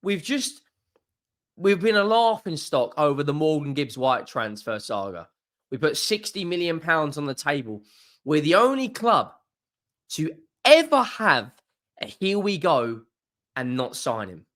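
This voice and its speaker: A man's voice: big pitch swings, unhurried. Ranting football fan man. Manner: swears often, swings from low muttering to loud exasperated outbursts.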